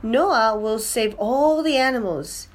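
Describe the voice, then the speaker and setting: A young boy in a storybook who knows the tale and calms the others down, as a woman reads him out. The voice stays fairly high and lively. He talks slowly and clearly. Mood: reassuring. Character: Chip, young boy, calm and knowing. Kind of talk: children's storybook reading.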